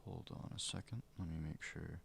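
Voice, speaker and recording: A man streaming a survival game as ASMR, whispering and speaking softly into a close mic, now and then flaring up in frustration, with keyboard and mouse clicks behind him. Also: low voice, normal speed, creaky, a little hiss or hum. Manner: mostly whispered and soft, flaring into loud frustration. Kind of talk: ASMR gameplay livestream commentary.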